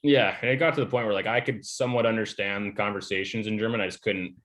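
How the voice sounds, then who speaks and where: Low-voiced young man, laid-back guest. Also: fast talker. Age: young adult. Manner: relaxed, rambling, many fillers and trailing restarts. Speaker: podcast guest, pro hockey player. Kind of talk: casual chat.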